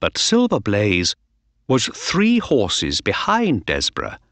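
A man reading a storybook aloud for learners, very slowly and clearly. His pitch moves widely and expressively, and the sound is close and dry. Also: dry recording. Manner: slow, clear, lively reading. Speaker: narrator. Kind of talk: slow storybook narration for learners.

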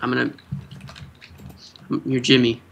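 A man's voice: medium pitch, slow pace, gravelly, a little hiss or hum. A young man chatting casually and laughing easily while playing a game with a friend. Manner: relaxed, easily amused, hesitant fillers. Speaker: gaming YouTuber co-host. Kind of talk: casual gameplay chat.

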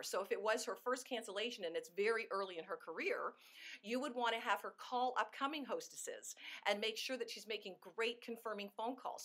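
A woman's voice: medium pitch, fairly bright tone. A woman giving a sales coaching talk, emphatic and acting out sample phone calls. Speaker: sales team trainer.

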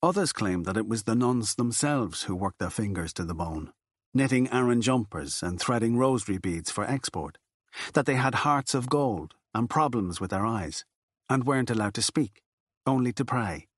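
A man's voice: mid-range voice, no room sound. Man narrating an audiobook, dry sound. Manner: steady, measured. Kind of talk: scripted narration.

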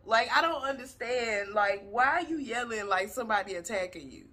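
A woman's voice: mid-range voice, lively intonation, normal speed, few pauses, a bit bright. A woman hosting a reaction video, talking in a blunt, profane and exasperated way as she comments. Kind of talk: casual commentary.

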